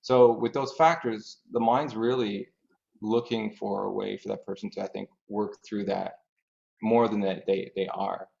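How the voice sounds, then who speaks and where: A man's voice: lowish voice, steady tone, measured pace, creaky, a little mellow. A man, a grief dream researcher, explaining thoughtfully through examples as a podcast guest. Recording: dull lo-fi audio.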